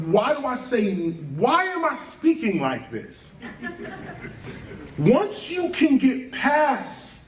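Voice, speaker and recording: Speaking slowly in an extremely high-pitched voice, a man delivers a fervent livestream lecture full of rhetorical questions and words spelled letter by letter. He's animated and keeps laughing mid-sentence. The mic is distant, the room echoey, and there's slight background noise.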